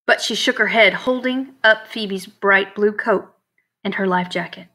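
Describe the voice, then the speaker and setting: A woman narrating a storybook in a clear, steady reading voice. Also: mid-range voice, unhurried. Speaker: audiobook narrator.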